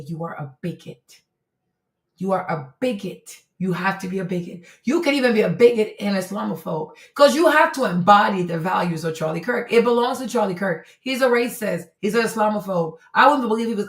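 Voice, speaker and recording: A woman's voice: medium pitch, echoey room. A woman hosting a commentary stream, talking bluntly and emphatically about clips she plays, often laughing.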